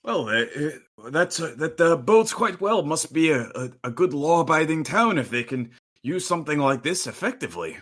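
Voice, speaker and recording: A man's voice: a little high, big pitch swings, moderate pace, fairly bright tone. A man playing a tabletop game, speaking in character as a dwarf, musing and hesitating often. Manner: hesitant, musing, many restarts. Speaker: player. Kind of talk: in-character tabletop role-play.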